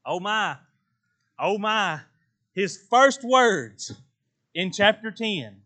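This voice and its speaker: A male preacher giving an emphatic sermon in an unusually high, bright voice. He talks in plain colloquial speech and moves between loud exclamations and low, earnest stretches. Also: expressive, very slow.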